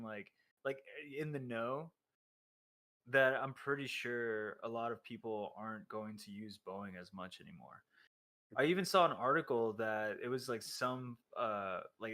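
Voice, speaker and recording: A man's voice: medium pitch, sharp tone. A man co-hosting a podcast, talking casually and loosely, with lots of "like" fillers as he recounts what he has seen. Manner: loose, filler-heavy storytelling with "like". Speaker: podcast co-host.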